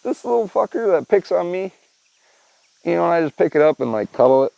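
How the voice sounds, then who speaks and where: A man's voice: fairly high pitch, big pitch swings, brisk, gravelly, dark tone, no echo, highs cut off. A man hosting a podcast, chatting casually in a rambling, profane, laid-back way and tacking "man" and "dude" onto his sentences. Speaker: podcast host. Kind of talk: casual storytelling chat.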